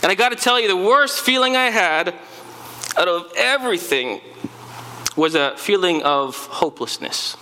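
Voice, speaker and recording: A man's voice: sits high, lively intonation, moderate pace, bright, forceful tone, big-room sound, a little hiss or hum, exaggerated voice, low-quality recording. A man playing an earnest male follower of Jesus who tells of the resurrection in a dramatic first-person sermon monologue. He repeats words as he gets stirred. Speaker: preacher in first-person character.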